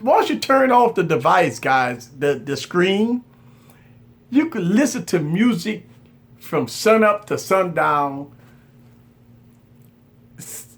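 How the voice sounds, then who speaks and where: A man's voice: high voice, fairly bright tone. A man hosting a tech channel, talking straight to his viewers in a casual live chat. He is candid and insistent, repeating himself to stress his point.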